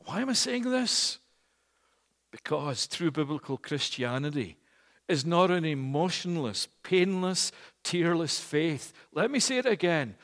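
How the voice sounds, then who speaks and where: A middle-aged male pastor preaching a sermon, slow and emphatic, repeating key phrases for weight. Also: on the high side, sing-song, a bit bright, in a large hall. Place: church.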